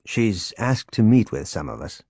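Guy doing a calm even-toned monk-knight, husky. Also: on the low side, a little slow, dry recording, clean studio sound, exaggerated voice.

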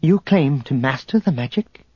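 A man's voice: medium pitch, animated, normal speed, a little mellow, slightly rough, no echo. A man voicing a fierce, proud young female witch warrior with a commanding manner, on a dull lo-fi audiobook recording. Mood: astonished. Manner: triumphant, commanding.

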